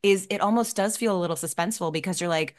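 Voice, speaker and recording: A woman co-hosting a casual film talk, animated and breaking into laughs between thoughts. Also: fairly low pitch, quick pace. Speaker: podcast co-host.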